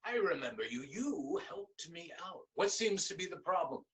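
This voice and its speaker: A storyteller voicing a sly, amused panther who speaks slowly. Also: male voice, high-pitched, big pitch swings, far from the mic. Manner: slow, purring, amused.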